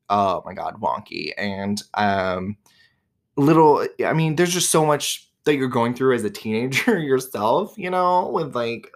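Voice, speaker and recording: A man's voice: medium pitch, fairly bright tone. A man in his twenties hosting a podcast, talking candidly and casually, with lots of fillers and swearing. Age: 20s. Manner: chatty, candid, swears freely, many "like" and "um". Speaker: podcast host. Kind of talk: casual personal monologue.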